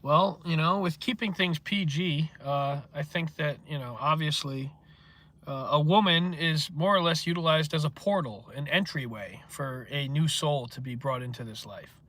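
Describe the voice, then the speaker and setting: A man's voice: fairly high pitch, normal speed, pushed and bright. A man hosting a casual livestream, rambling and swearing as he answers chat comments. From northeastern United States. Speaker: livestream host.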